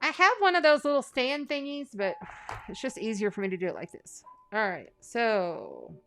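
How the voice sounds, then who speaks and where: A woman's voice: on the high side, big pitch swings, moderate pace, fairly bright tone, soft background music. A woman hosting a live astrology and tarot stream, talking in a chatty, rambling and folksy way. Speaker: astrology and tarot livestream host. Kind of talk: casual livestream chat.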